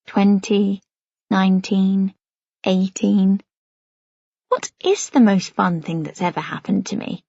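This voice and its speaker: A woman narrating an audiobook in the first person, in a light, youthful and expressive way. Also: mid-range voice, slow, gravelly, long pauses, no room sound. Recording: dull, lo-fi dry audiobook recording.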